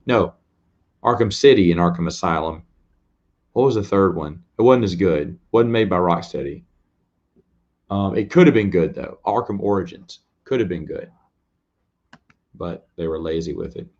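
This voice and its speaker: A man with a low, slightly mellow voice hosts a casual late-night live stream, speaking at a moderate pace with long pauses on a muffled recording. He answers viewers' questions in a rambling, self-deprecating way and laughs often.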